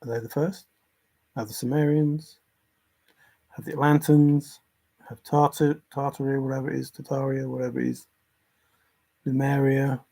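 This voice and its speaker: A man's voice: medium pitch, level tone, moderate pace, vocal fry, long pauses, dark tone. Earnest man hosting a casual livestream. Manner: earnest, insistent, reads viewer comments aloud. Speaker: livestream host. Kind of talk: casual livestream talk on religion.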